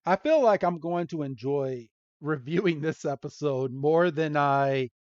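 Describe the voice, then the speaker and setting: A man's voice: a little high, a little slow, no room sound. A man hosting a podcast, recapping a cartoon episode in a loose, rambling way and chuckling often. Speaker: podcast host. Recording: dull lo-fi dry sound.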